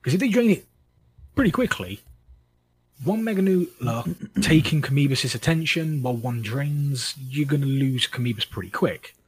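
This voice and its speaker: A man's voice: mid-range voice, expressive, normal speed, slightly rough, poor audio. A man co-hosting a casual podcast chat, talking through monster matchups with frequent restarts and self-corrections. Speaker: podcast co-host.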